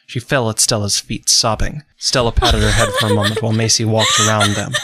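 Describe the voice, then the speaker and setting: A man giving dramatic, measured scripted narration for a radio drama. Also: fairly low pitch, flat delivery, bright, forceful tone.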